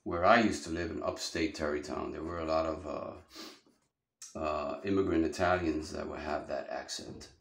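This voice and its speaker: A man's voice: rumbling low, fairly even intonation, moderate pace, vocal fry, roomy sound. A man teaching a drawing lesson, talking casually and thinking aloud as he sketches.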